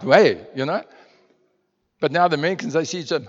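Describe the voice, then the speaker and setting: A man's voice: on the high side, fairly quick. A man from South Africa, preaching in a slightly raised voice as a pastor. He speaks conversationally, asks his congregation many rhetorical questions and repeats words as he goes. The sound is muffled and carries a long echo from the church hall. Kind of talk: sermon.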